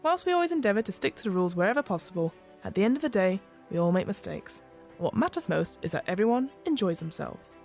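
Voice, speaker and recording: A woman's voice: medium pitch, big pitch swings, quick pace, vocal fry, a little mellow, soft background music. Woman game master reading the rules.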